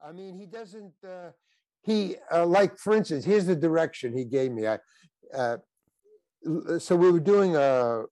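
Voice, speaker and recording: An older man tells a guest's stories in a relaxed interview, starting over mid-sentence and wandering off track. His voice sits a bit high for a man and sounds close and dry, with no room around it. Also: dry recording. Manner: rambling anecdotes with halting restarts. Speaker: guest actor. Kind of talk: casual interview storytelling.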